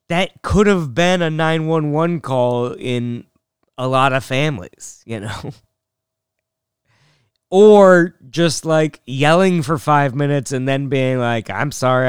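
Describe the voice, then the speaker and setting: A man's voice: a little high, smooth, no echo, studio quality. A young man hosting a podcast, telling rambling self-mocking stories and laughing often. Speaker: podcast host. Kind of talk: casual storytelling monologue.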